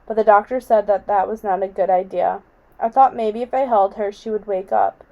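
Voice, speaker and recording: A woman reading a novel aloud in a quiet, measured way. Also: mid-range voice, steady tone, dull audio. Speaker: audiobook reader.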